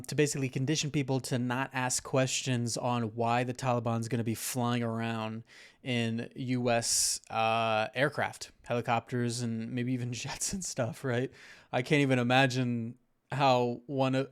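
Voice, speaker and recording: A man's voice: mid-range voice, little pitch movement, normal speed, clean tone. A man hosting a podcast, chatting casually and rambling through theories with lots of hedging. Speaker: podcast host. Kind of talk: casual conspiracy-minded chat.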